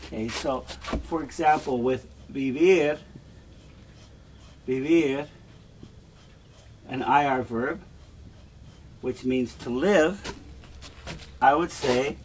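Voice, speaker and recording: A man teaching a Spanish class, slowly repeating verb forms for students to echo. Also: medium pitch, darkish tone, slight background noise. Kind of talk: classroom lesson with drills.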